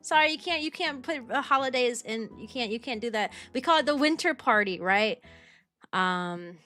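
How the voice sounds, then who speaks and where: Over soft background music, a young US streamer who teaches kindergarten chats with viewers, rambling and restarting with plenty of fillers. Her voice is on the high side, animated, bright and forceful, at a normal speed.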